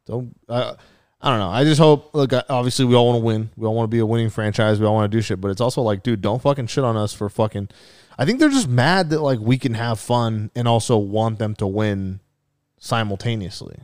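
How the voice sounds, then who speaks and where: A young man ranting about fans on a sports podcast, swearing freely and slipping into mocking voices. His voice sits at an ordinary middle pitch. The recording is dry and close, with no room sound. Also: a little fast, a little mellow, no echo. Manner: profane, ranting, mocks people in put-on voices. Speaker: podcast co-host. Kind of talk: casual sports chat.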